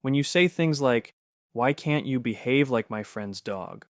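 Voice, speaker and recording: Calm man reading scripted narration. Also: mid-range voice, measured pace, dry recording, clean studio sound.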